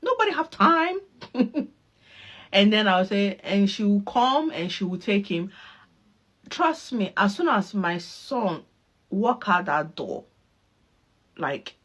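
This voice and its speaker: A mother tells a casual story about parenting, slipping into voices as she replays conversations. She is animated and breaks into laughter often. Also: medium pitch, takes it slowly, long pauses. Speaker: mother reacting to a clip.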